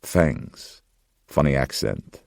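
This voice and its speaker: A man voicing a somber old pawnbroker who speaks in a slow, grave, measured way. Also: very deep voice, lively intonation, vocal fry, darkish tone, dry recording, studio quality, heavily acted. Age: older.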